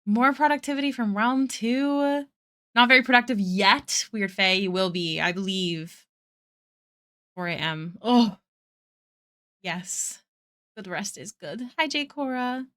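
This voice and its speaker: A young woman art streamer chats casually on a livestream from her home apartment while drawing, a bit out of breath, greeting viewers by name and laughing often. Her mid-range voice is a bit bright and moves at a slow pace with long pauses.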